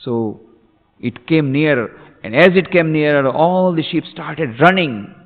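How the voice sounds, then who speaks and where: A man's voice: a little high, lively intonation, measured pace. Give me a man delivering an impassioned spiritual sermon, with a tinny, phone-like sound and long hall reverb. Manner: impassioned, repeating phrases for emphasis. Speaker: monk giving a discourse. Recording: tinny recording in an echoey hall.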